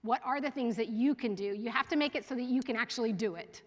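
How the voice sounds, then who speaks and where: A chatty woman with a slightly high voice leads a parenting workshop for a room of parents, laughing easily and checking in with her audience. Her voice rings out with a long hall reverb, as if heard at a school evening event. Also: fast. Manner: chatty and animated, often laughing and asking the audience. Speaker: school division head giving a parenting talk. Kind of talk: casual workshop talk to parents.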